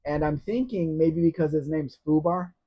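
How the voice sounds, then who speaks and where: A man's voice: on the high side, normal speed, slightly rough. Chatty man reading live chat. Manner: chatty, dry jokes. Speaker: host. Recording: dull lo-fi stream audio.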